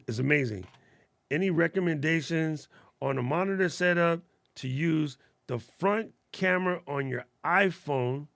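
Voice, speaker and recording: A man chats casually about cameras and lights on a live stream, throwing in slang and answering viewers as he goes. His voice sits fairly high with a gravelly edge. The sound is dry and close, with little room to it. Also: fairly bright tone, no room sound. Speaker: host of a live gear stream.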